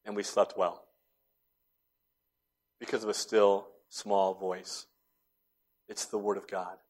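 A middle-aged male pastor preaching a sermon, moving between hushed, near-whispered lines and loud, emphatic declarations. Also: fairly low pitch, little pitch movement, slow.

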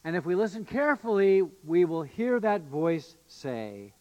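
A man's voice: high voice, big pitch swings, a little slow, hardly any pauses, dull audio. Man preaching in an echoing hall. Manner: earnest, emphatic preaching with fillers and restarts. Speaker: pastor. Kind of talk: sermon. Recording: long reverb of a church hall.

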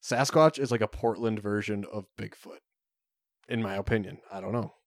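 Chatting casually as a podcast co-host, he rambles, filling gaps and restarting his sentences often. His voice is on the low side and his pace moderate, with studio quality and no room sound.

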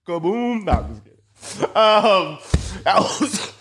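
A man's voice: high-pitched, very animated, slow pace, a bit bright. A man hosting a podcast, telling a rambling, profane, joking story into a phone mic. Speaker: podcast host. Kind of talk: casual storytelling monologue.

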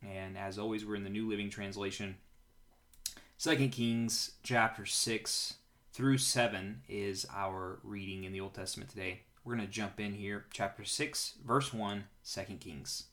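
A man hosting a daily Bible-reading podcast, reading scripture aloud with brief personal comments in an earnest, expressive way. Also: on the low side, unhurried. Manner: earnest, expressive reading with lively shifts in loudness.

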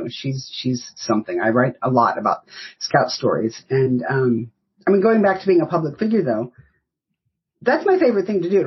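Husky breathy woman in her 50s, rambly storyteller on a podcast, kinda dull lo-fi sound. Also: deep voice. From United States. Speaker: podcast guest. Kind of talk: casual interview chat.

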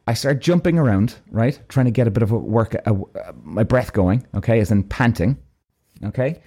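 A man casually telling an animated, profane story about himself. He acts out bits of dialogue and keeps checking in with a rhetorical "right?". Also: mid-range voice. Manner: frequent restarts and rhetorical "right?". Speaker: storyteller, vlogger.

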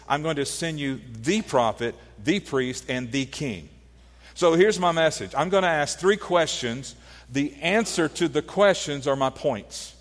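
A man's voice: on the high side, big-room sound. A man preaching a sermon, teaching earnestly with rhetorical questions and frequent restarts. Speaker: pastor.

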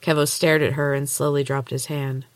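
A woman podcast host narrating a novel chapter aloud in a steady, measured way. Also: deep voice, dry recording. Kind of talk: storybook narration.

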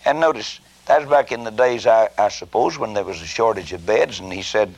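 Male preacher, low and gravelly, folksy and emphatic sermon delivery. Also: brisk, rough recording. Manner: folksy, rambling, emphatic with many "I mean" asides.

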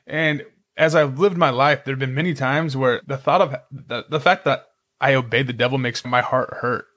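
A man's voice: medium pitch, normal speed, a bit bright. A middle-aged man co-hosting a Christian parenting podcast, talking earnestly and rambling a bit, with self-deprecating jokes. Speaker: podcast co-host.

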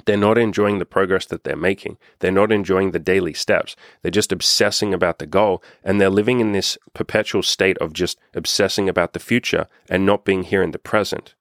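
A man's voice: low-pitched, steady tone, brisk, hardly any pauses, fairly bright tone, no echo, studio quality. A young man giving an earnest, emphatic self-improvement talk, swearing casually as he goes. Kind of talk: casual motivational monologue.

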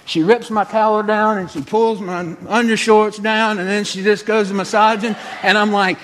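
Man, drawl, comic storyteller, exasperated, folksy, high voice, reverberant hall. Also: steady tone, moderate pace, fairly bright tone, a little hiss or hum.

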